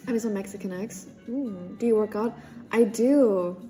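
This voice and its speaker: Woman streamer just chatting, joking around and laughing a lot, mid pitch, faint music underneath. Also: normal speed, warm tone. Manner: playful and joking, often breaking into laughter. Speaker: livestreamer. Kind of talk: casual chat reading viewer comments.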